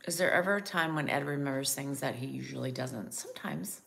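A woman's voice: extremely low pitch, expressive, fairly quick, vocal fry, a bit bright, a little hiss or hum. A middle-aged woman co-hosting a casual livestream, reading out and answering viewer comments. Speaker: livestream co-host.

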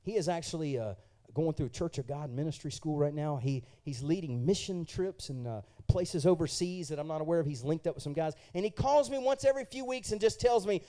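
Male pastor, high mellow voice, preaching in church; swings from hushed storytelling to fervent, raised delivery. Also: animated, fairly quick. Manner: swings from quiet, intimate talk to loud, fervent preaching; asks the congregation questions and tells personal testimony. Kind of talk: sermon.

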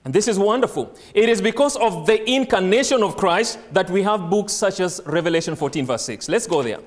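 A man preaching a sermon who does not speak English as his first language. He reads scripture slowly and stresses single words, and he puts questions to the congregation and then answers them. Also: high voice, animated.

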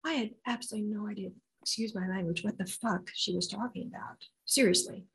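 Breathy older woman telling a story. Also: mid-range voice, quick pace, rough recording. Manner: animated storyteller, acts out voices. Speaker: intuitive healer guest. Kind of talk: storytelling interview.

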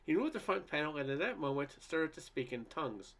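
A man's voice: on the high side, very animated, fast, hardly any pauses, fairly bright tone. A man from Canada reading a humorous essay aloud, with frequent restarts and fillers. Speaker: reader.

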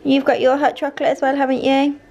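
A woman's voice: high voice, monotone, quick pace, a little mellow, poor audio. A woman, chatting to the camera at home while doing chores. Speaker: vlogger, mother. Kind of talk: casual vlog chat. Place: family home.

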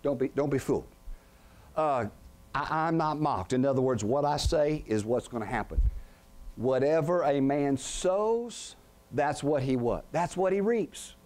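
A middle-aged man preaches to a congregation in a tent, his voice sitting a little high. He keeps asking "what?" so the crowd fills in the end of his sentences. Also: expressive, measured pace, darkish tone. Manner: call-and-response questions to the congregation. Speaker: pastor. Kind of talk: sermon.

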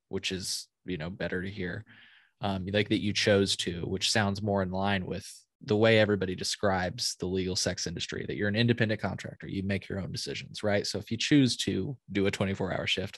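A man's voice: on the low side, no room sound, studio quality. A man hosting a podcast interview, talking in a rambling, hedging way and correcting himself as he goes. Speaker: podcast host. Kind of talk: conversational interview and recorded aside.

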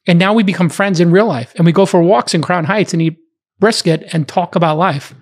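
Middle-aged guy hosting a podcast, husky, a bit high, jokey quick interjections. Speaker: podcast host.

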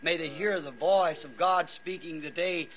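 Pleading older-sounding male preacher, high and sharp, weary, dull old tape with faint hiss. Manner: earnest, pleading, halting restarts. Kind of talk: fervent prayer and altar call. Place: church before a congregation.

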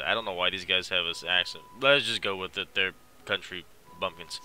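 A young Irish gaming host narrates his playthrough against soft background music, speaking a little fast with few pauses. His low voice is steady and sharp in tone as he reads the game's dialogue aloud, cracking jokes and poking fun at himself.

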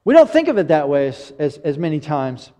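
Earnest high-voiced male pastor. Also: big pitch swings, fairly quick, dark tone, long reverb tail. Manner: earnest, confessional, rambling with many restarts. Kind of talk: sermon.

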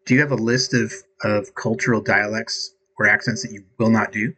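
A man's voice: fairly low pitch, flat delivery, brisk, sharp tone, poor audio. A man casually testing a voice assistant, talking hesitantly with ums and restarts. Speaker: user testing an AI voice app. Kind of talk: casual chat.

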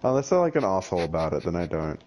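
Young man, low voice, lively swings in pitch, joking, swears a lot, mumbly. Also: rapid-fire. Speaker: friend on stream. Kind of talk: casual gaming chat.

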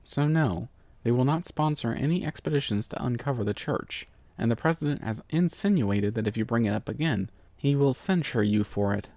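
A man's voice: medium pitch, lively intonation, normal speed, darkish tone, dry recording, natural voice. A man voicing a curt, dismissive university dean, read out as a letter in a storybook reading.

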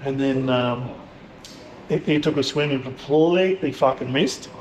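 A man's voice: medium pitch, measured pace, noisy background. Blunt, swearing Australian man in an echoey room. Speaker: podcast guest. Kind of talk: casual chat. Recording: echoey room, faint ambience.

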